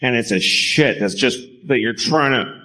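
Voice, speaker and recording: A man's voice: mid-range voice, a little slow, pushed and bright. A man doing a stand-up comedy routine, profane and sardonic, with rambling rants.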